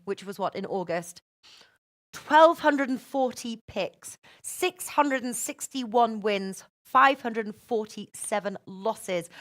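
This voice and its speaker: A woman hosting a betting show in casual chat, chatty and quick to laugh. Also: a little high, fairly bright tone. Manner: chatty, laughs often, restarts. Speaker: host.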